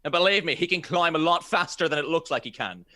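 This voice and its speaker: A man voicing a blustering adventurer who yells threats up a tree. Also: on the high side, expressive, quick pace, voice pushed up. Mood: threatening. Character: bold adventurer threatening thieves.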